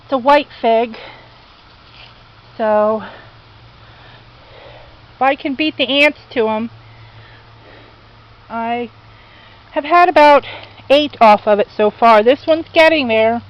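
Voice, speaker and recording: A woman's voice: a little high, takes it slowly, long pauses, highs cut off. A woman giving a chatty, casual tour of her home garden outdoors, talking to her pets and venting about her losses. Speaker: vlogger.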